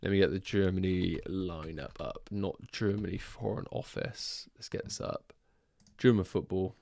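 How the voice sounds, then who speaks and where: Low-voiced man chatting on a livestream. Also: normal speed, vocal fry, dark tone. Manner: chatty, thinks aloud, addresses viewers as guys. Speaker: fantasy football livestream host. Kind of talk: casual livestream chat.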